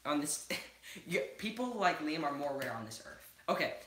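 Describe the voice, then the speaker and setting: A man's voice: a little high, sing-song, normal speed, bright, forceful tone. A man hosting a casual livestream Q&A, playful and teasing. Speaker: host of the livestream. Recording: echoey room.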